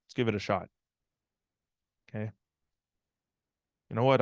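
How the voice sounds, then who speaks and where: A man's voice: fairly low pitch, measured pace, long pauses, no echo, studio quality. A man giving a live online talk, telling a personal story in an earnest, reflective way and often checking in with "right?".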